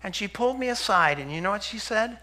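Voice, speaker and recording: A middle-aged man giving a sermon-style testimony, telling stories and acting out the dialogue, dropping to a hush for quoted lines. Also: high voice, lively intonation, fast. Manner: storytelling, acts out dialogue, drops to a hush for quotes. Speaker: preacher and health center speaker.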